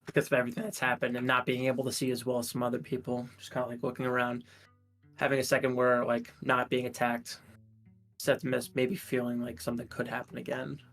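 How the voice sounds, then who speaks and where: A man's voice: mid-range voice, completely flat delivery, fast talker, vocal fry, a bit bright, faint music behind. A man hesitantly describing his character in a tabletop game, full of fillers. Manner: hesitant, full of likes and ums. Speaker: player.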